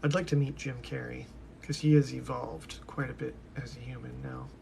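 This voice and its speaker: A man's voice: mid-range voice, little pitch movement, moderate pace, creaky, a little mellow, a little hiss or hum. A young man rambling to himself in a casual monologue, drifting from one topic to the next. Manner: musing, talks to himself, drifts between topics.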